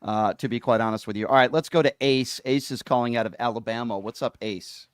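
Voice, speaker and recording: A man's voice: medium pitch, a little fast, clean tone, dry recording, clean studio sound. A man hosting a call-in radio show, joking with callers in a mock-serious, teasing way.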